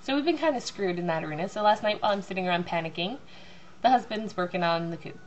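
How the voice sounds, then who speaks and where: A woman's voice: medium pitch, expressive, fast, muffled recording, slight background noise. A woman telling a long, rambling, self-mocking story about her family at home. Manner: chatty, self-mocking, acts out loud voices.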